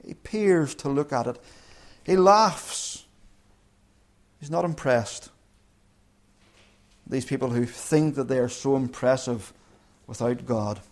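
A man preaching a sermon who tells the story lively and with humour, acting out little voices. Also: medium pitch, takes it slowly, long pauses.

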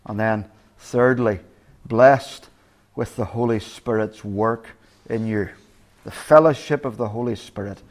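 A man's voice: lowish voice, measured pace, a little mellow. A male pastor preaching a sermon earnestly, often restarting his words and quoting God's voice. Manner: earnest, with repeated restarts and quoted voices of God.

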